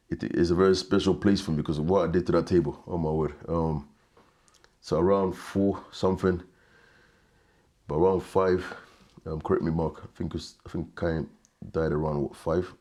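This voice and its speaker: Interview guest: man, thirties, very low bass voice, halting, hushed delivery with repeated words. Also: fairly even intonation. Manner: halting, repeats words, often quiet and subdued. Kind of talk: emotional personal storytelling.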